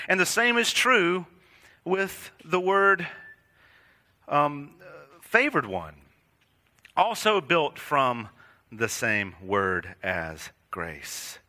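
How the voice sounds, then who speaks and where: A man preaching with a very bright, forward tone and a lively, wide-ranging pitch. He speaks earnestly to his congregation, rising to emphatic high points and sinking to hushed, weighty lines. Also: extremely slow, long pauses. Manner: addresses congregation directly. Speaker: pastor. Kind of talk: sermon.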